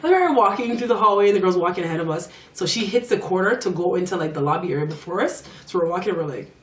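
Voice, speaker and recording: A young woman telling a storytime in an animated, slangy way, acting out the quotes. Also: lowish voice, quick pace, slight background noise. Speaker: vlogger. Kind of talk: storytime vlog. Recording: roomy, mic at a distance.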